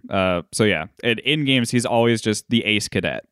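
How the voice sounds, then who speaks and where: A man's voice: lowish voice, lively intonation, moderate pace, fairly bright tone, smooth, no room sound, studio quality. A man co-hosting a casual podcast about a film, talking thoughtfully with frequent hesitations. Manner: thoughtful, hesitant with many ums. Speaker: podcast co-host. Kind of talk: casual chat.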